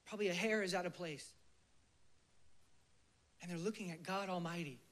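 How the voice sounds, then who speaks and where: Man preaching with hushed passion. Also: high voice. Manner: passionate, swinging from emphatic bursts to hushed near-whispers; leads the listeners in a slow, soft prayer. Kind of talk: sermon.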